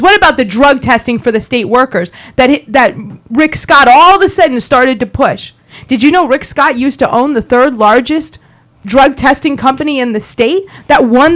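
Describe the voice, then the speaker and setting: High-voiced woman co-host telling a story. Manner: lively storyteller, quoting others, laughing often. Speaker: radio talk show co-host. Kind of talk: storytelling on political talk radio.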